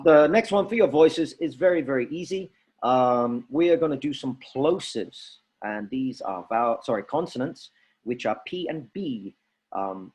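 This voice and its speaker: Man, workshop presenter, energetic coaching, mid-pitched voice, demonstrates drills. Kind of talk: leading a drama teaching workshop.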